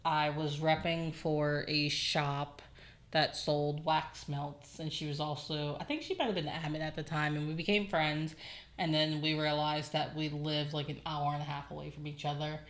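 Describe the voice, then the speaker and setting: A young woman with a low-pitched voice chats casually as a podcast co-host. She is animated and swears freely. She acts out little exchanges with her toddler. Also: moderate pace. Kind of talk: casual chat, reading listener comments.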